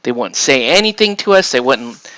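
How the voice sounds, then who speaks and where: Guy rambling through a story, bright tone, lots of "right?", dry close mic. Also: medium pitch, animated, moderate pace, no room sound. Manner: rambling, many restarts and "right?" tags. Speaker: painting streamer telling a story. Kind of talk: casual storytelling chat. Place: home hobby room.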